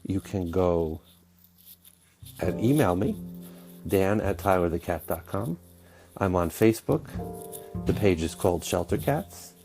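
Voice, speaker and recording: Male podcast host, low mellow voice gone scratchy, chatty and upbeat, faint music under him. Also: lively intonation, unhurried, creaky, long pauses. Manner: chatty, enthusiastic, self-deprecating. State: scratchy voice, getting over illness. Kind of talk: solo podcast intro.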